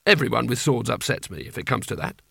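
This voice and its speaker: A man's voice: mid-range voice, big pitch swings, fast talker, vocal fry, sharp tone, breathy edge, dry recording, studio quality, exaggerated voice. A man voicing a nervous, cowardly male wizard who talks in a defensive, whiny way.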